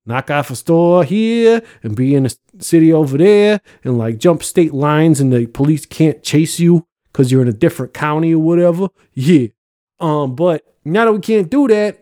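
A man's voice: fairly high pitch, dark tone. Rambling, joking male podcast host. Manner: rambling, joking, profane, many fillers. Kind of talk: casual chat. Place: home, living abroad. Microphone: computer microphone.

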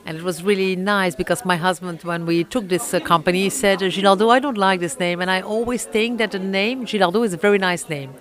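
A middle-aged woman with a French accent, speaking English as a second language, answering interview questions about running an oyster farm, pausing often with fillers and restarts. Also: fairly low pitch, fairly even intonation. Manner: halting, many fillers and restarts.

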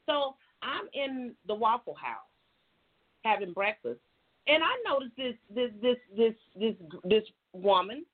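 A woman's voice: a little high, animated, measured pace. A woman life coach telling a story to her viewers in a chatty, folksy way, sliding into emphatic, preachy advice. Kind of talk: casual storytelling and faith-based advice. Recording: tinny phone-like sound.

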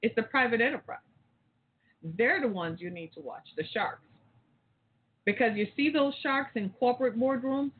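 A caller giving an impassioned, rambling rant, repeating phrases and firing off rhetorical questions. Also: medium pitch. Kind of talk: impassioned talk-show rant. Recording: tinny phone line.

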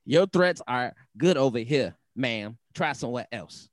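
A man's voice: animated, unhurried, no echo, studio quality, lightly acted. A man putting on the voice of a sassy, angry woman while reading a social media post aloud. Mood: sassy, scolding. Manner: mocking sassy falsetto-ish read.

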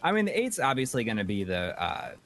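A man's voice: medium pitch, huge pitch swings, fairly quick, fairly bright tone, soft background music. A man co-hosting a casual chat show, reading out donations, rambling with many fillers and restarts. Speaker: podcast co-host reading donations.

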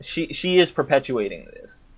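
A man's voice: mid-range voice, big pitch swings, moderate pace, husky. A man co-hosting a casual chat, thoughtfully retelling a film plot at length.

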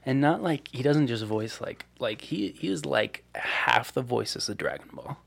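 A man's voice: medium pitch, very animated, a little slow, gravelly, fairly bright tone, slightly rough. A man co-hosting a podcast in casual chat, enthusiastic and full of fillers. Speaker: podcast co-host. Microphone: headphones and mic at home.

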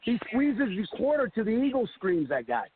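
A man, a wrestler guest on a podcast, telling a comic story with animated delivery. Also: high-pitched, normal speed. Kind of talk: casual podcast chat. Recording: tinny phone-like line, faint hiss.

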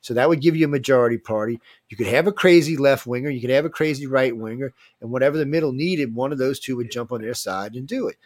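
A man's voice: mid-range voice, fast talker, hardly any pauses, no room sound, studio quality. A man with a Louisiana accent hosting a casual livestream chat, loose and joking, reading viewer comments and often laughing. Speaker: podcast host.

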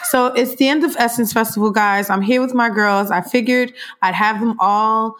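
A woman's voice: on the high side, normal speed, a bit bright. A woman hosting a podcast in a casual, conversational way, addressing listeners as "you guys" and "y'all". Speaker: podcast host. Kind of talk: casual chat.

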